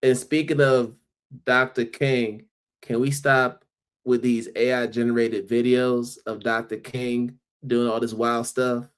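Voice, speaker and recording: A man from the Philadelphia area, a guest educator on a podcast, telling stories in a relaxed way and often repeating words as he starts a thought. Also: mid-range voice, unhurried, smooth. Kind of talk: casual interview chat.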